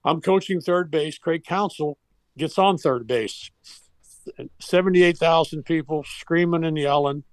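A man's voice: a little high, a little slow, no echo. An older man and former baseball coach, telling a personal story in a heartfelt, rambling way with restarts.

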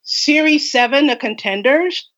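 A woman's voice: sits high, lively intonation, a little slow, a bit bright, highs cut off. A woman horror writer speaking from home in an effusive, rambling, casual interview chat.

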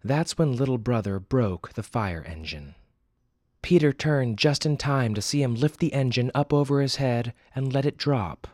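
A man's voice: mid-range voice, expressive, moderate pace, a little mellow, dry recording, clean studio sound. A man hosting a fiction podcast who reads a dramatic story aloud expressively, then adds wry casual asides. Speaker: podcast host and story narrator.

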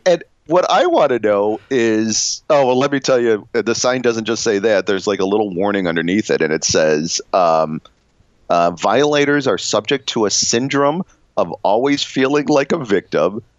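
Here the podcast co-host speaks in a lowish, expressive voice at a moderate pace, drifting through funny, casual banter with frequent laughter and self-interruptions. The sound is a dull, dry lo-fi recording without echo.

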